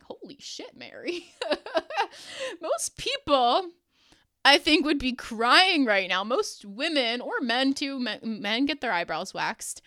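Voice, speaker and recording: A woman hosting a podcast, telling a personal story in an animated way, laughing often and swearing casually. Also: a little high, no room sound, studio quality. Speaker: podcast host.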